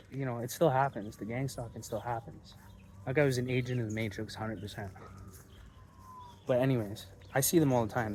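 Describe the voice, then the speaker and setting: A man's voice: medium pitch, darkish tone, slight background noise. A young man delivering a profane, preachy and boastful rant outdoors, swearing constantly as he talks to his phone camera. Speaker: vlogger. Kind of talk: profane street-talk rant. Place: outdoors in a public street.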